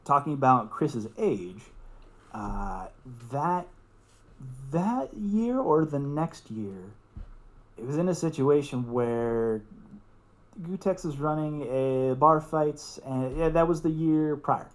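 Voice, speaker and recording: Excitable young man, swearing and laughing. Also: on the high side, slow. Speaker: podcast guest. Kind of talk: casual storytelling.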